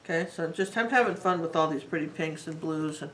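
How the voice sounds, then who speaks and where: A woman with a low voice, talking a little fast, gives a live painting tutorial as an art teacher. She's chatty, rambling and warmly enthusiastic while working, with a crowd audible behind her on poor audio.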